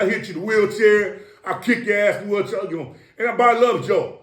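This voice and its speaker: A man's voice: high-pitched, fast. A middle-aged man from East Los Angeles telling stories as an interview guest in a boastful, profane way, with his own sound effects. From East Los Angeles, USA. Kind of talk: casual storytelling. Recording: roomy echo.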